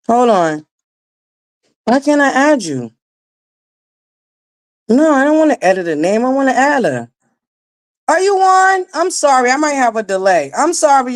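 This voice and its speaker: Raspy woman in her forties, live-stream host, lively swooping delivery, blunt and profane. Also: high-pitched. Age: 40s. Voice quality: naturally raspy voice. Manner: blunt, profane, emphatic, addresses viewers directly. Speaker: livestream commentary host. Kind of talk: casual live-stream commentary.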